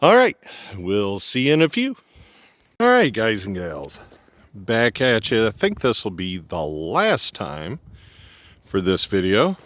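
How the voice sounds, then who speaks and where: A man's voice: lowish voice, wildly swooping pitch, takes it slowly, fairly bright tone, dry recording. A man hosting a casual outdoor vlog from snowy woods, rambling and folksy with lots of ums, a bit out of breath, recorded on a phone. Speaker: channel host. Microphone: phone camera.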